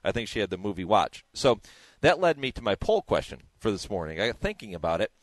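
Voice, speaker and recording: A man's voice: lowish voice, very animated, fast, dry recording. A man hosting a radio show, chatting casually with restarts and asides.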